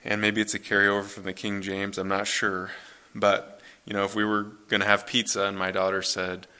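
A man in his thirties, a pastor, reading scripture and then preaching in a relaxed, conversational way in a church. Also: fairly low pitch, moderate pace, hardly any pauses, clean tone. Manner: conversational, relaxed, self-correcting.

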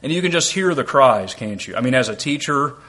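A man's voice: mid-range voice, expressive, brisk, bright, forceful tone. A man preaching an expository sermon. He reads scripture aloud and explains it step by step, asking rhetorical questions. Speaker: preacher and Bible teacher.

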